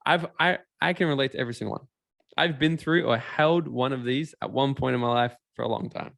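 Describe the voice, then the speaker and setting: A man gives a motivational seminar talk in a medium-pitched voice, fast and with vocal fry, recorded clean and dry in a studio. He's animated, acting out characters and quizzing the audience.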